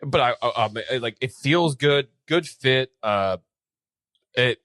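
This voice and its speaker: American man, podcast co-host, excitable, stumbles over words, dry close sound. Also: mid-range voice, takes it slowly, no echo. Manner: excitable storyteller, repeats words. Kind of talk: casual sports chat.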